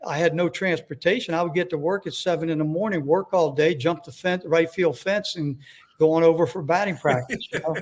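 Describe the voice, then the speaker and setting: An older man reminisces as a podcast guest, speaking a touch higher than most men. He rambles with lots of fillers and pauses, then drops self-deprecating jokes. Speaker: guest, former baseball manager. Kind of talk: casual storytelling interview.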